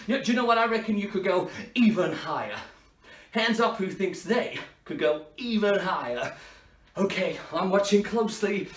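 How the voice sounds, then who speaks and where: An energetic young superhero, put on by a man, calling out countdowns and cheers to a crowd of children. His voice leaps around with lively swings in pitch. It is picked up from a distance in an echoey room. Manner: bouncy, shouty, cheering kids on. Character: upbeat young male superhero Spider-Man. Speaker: children's party entertainer. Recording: roomy, from a distance.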